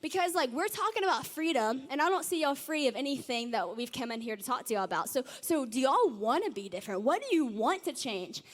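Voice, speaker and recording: A woman's voice: high-pitched, expressive, a little fast, few pauses. A young woman giving a casual, story-driven talk to a youth audience, peppered with "like" and "y'all". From Nashville, Tennessee. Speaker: youth speaker. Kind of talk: sermon-style talk.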